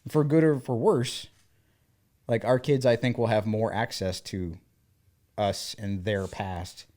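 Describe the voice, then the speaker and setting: A Southern American man in his thirties co-hosts a podcast, talking casually in a lowish voice at a slow pace. He's an animated storyteller who acts out what people said.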